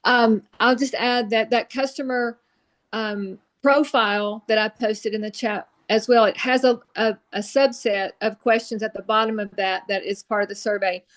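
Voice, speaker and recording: A woman's voice: fairly high pitch, steady tone, moderate pace. Woman chiming in on a team video call. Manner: eager, restarts and self-corrects often. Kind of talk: casual chat on a group video call.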